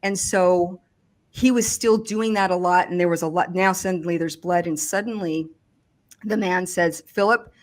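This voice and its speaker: Woman, survivor testimony, lowish pitch, hesitant, restarts often, fillers. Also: steady tone. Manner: halting, many restarts and fillers. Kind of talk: personal testimony in conversation.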